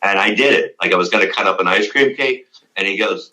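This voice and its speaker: Middle-aged male guest, low voice with a forceful, bright edge; blunt, profane, rambling storyteller. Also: fairly quick, rough recording. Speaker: interview guest, former radio show staff. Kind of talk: casual interview.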